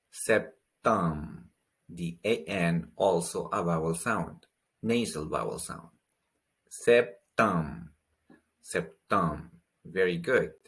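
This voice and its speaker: A language teacher gives a slow pronunciation lesson in a low, slightly bright voice. He's patient, saying each word twice and explaining how the sounds work.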